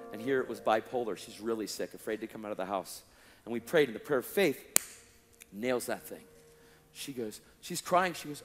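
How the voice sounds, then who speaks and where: A male preacher telling a testimony story in an animated way, acting out the dialogue and laughing along, in a large hall. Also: a little high, brisk. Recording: long hall reverb, faint music.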